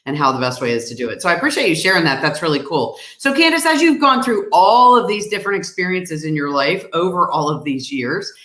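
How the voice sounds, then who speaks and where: A woman's voice: fairly low pitch, expressive, fast talker, hardly any pauses, a bit bright, roomy sound. A woman hosting a live online interview, affirming her guest with enthusiastic reactions. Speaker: interview host.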